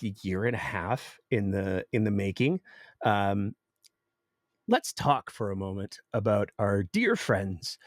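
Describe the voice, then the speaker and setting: A male podcast host delivering political commentary with a sarcastic edge. His pitch swings widely as he reads news passages and then mocks them. The sound is dry and close, with no room around it. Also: no echo.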